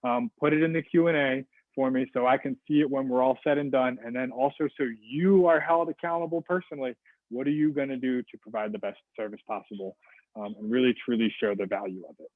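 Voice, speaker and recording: A man's voice: mid-range voice, steady tone, a little fast, dry recording. Guy rambling thru a customer service webinar, tinny dry call audio, lots of restarts. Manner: casual, rambling, many fillers and restarts. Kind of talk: webinar talk over video call. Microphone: video call.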